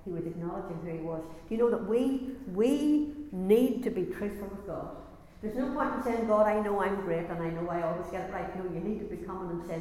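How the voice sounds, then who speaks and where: A woman's voice: mid-range voice, moderate pace, warm tone, slight background noise. Woman preacher, earnest sermon delivery with restarts, very echoey church hall. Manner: earnest, repeats and restarts phrases, rises in intensity.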